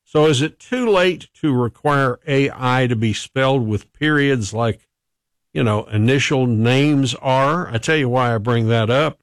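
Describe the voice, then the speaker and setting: A man's voice: mid-range voice, measured pace, no room sound. Man, radio morning host, casual talk, frequent laughter, dry studio sound. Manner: chatty, laughs often, reads listener texts.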